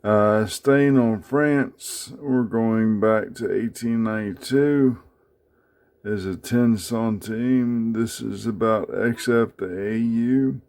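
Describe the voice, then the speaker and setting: A man casually talking through his coin collection in a home vlog, halting with many fillers as he handles each piece. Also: lowish voice, darkish tone. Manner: unhurried, many fillers, speaks haltingly while handling items. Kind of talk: casual show-and-tell vlog.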